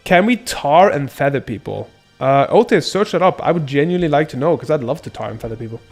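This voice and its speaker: A man streaming a game live, chatting casually with viewers, excitable and swearing often. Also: fairly high pitch, fast, husky, soft background music.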